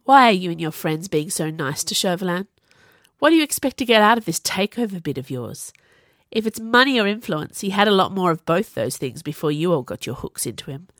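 A woman voicing a sharp, haughty young woman mage who snaps crossly, in an audiobook. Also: fairly low pitch, lively intonation, fairly quick, no room sound, clean studio sound. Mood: snappish. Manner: cross, snappish.

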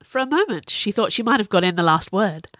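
A woman narrating a novel in a steady storytelling manner. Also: medium pitch, brisk, no room sound, studio quality. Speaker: audiobook narrator. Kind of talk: scripted narration.

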